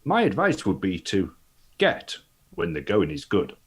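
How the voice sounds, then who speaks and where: A man voicing a calm, dry-witted male superhero in a tabletop game, speaking deadpan. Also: sits low, unhurried, husky, exaggerated voice.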